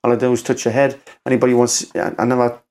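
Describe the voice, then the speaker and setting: A man with a Geordie accent, a podcast guest telling a story in a rambling, halting way, acting out quotes with "I says". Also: mid-range voice, little pitch movement, darkish tone. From Newcastle, England. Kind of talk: casual storytelling conversation.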